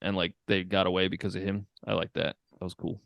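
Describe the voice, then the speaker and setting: A man's voice: deep voice, quick pace, vocal fry, no echo. A man co-hosting a podcast in a casual film discussion, laid-back, often laughing and acting out his reactions. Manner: relaxed, laughs often, acts out reactions in quotes. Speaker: podcast co-host. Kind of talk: casual movie chat.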